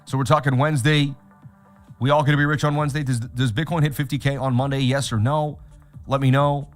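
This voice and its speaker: A man hosts a trading livestream in a loose, excitable hype-man manner and keeps circling back to catchphrases. His voice sits in an ordinary middle pitch. Faint music runs quietly underneath him. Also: fairly quick. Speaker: crypto trading livestream host. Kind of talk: hyped livestream chat.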